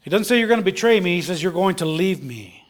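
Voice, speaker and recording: Pastor, male, fairly high voice, impassioned preaching that falls to a hush. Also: expressive, fast. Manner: impassioned preaching, rises and drops to hushed tones. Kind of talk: sermon.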